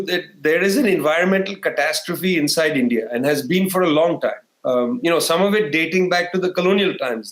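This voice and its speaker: A man's voice: fairly high pitch, roomy sound. A middle-aged man giving an interview on politics, talking discursively with many fillers and restarts. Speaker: interview guest.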